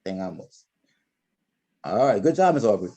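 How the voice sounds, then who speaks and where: A man's voice: lowish voice, sing-song, moderate pace, warm tone. A man teaching a Spanish class, correcting students patiently and repeating his words. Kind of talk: online class instruction.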